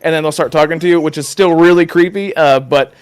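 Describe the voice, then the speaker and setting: A man co-hosting a casual podcast chat, animated and quick to laugh, with many restarts. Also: fairly high pitch, clear, resonant tone. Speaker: podcast co-host.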